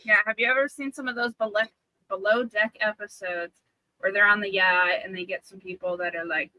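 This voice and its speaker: A woman's voice: mid-range voice, fairly even intonation, brisk, bright, forceful tone, rough recording. A woman co-hosting a casual live stream chat, chatty and teasing.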